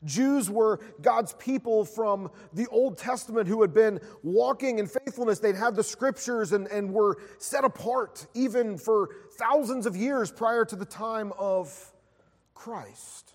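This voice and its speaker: A man's voice: high-pitched, unhurried. A man preaching a sermon, opening in prayer and telling a story with frequent filler words. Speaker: pastor. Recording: long hall reverb.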